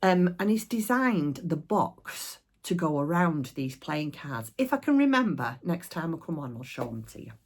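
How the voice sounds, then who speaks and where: A middle-aged woman talks low and gravelly, with a husky edge to her voice. She chats casually to her viewers from home, rambling and full of little fillers. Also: sing-song, normal speed, hardly any pauses. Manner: chatty and rambling, many fillers. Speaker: craft shop owner showing products. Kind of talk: casual chat to camera. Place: at home, indoors.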